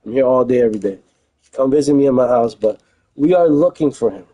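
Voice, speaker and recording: A man's voice: mid-range voice, lively intonation, quick pace, mellow, muffled recording. A young man streaming from home, talking in a heated, emphatic casual rant and repeating phrases for stress. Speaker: livestreamer.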